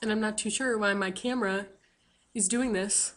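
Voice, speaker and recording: A woman's voice: mid-range voice, steady tone, moderate pace. A woman telling a funny story to her camera in a chatty, self-mocking way, full of fillers. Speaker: vlogger.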